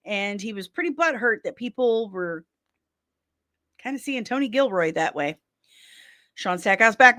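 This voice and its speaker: A woman's voice: fairly high pitch, sing-song, unhurried, pauses often, pushed and bright. A woman hosting a casual pop-culture chat stream, reading viewer comments aloud and answering them with candid, playfully sarcastic opinions. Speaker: host of a daily pop-culture chat show.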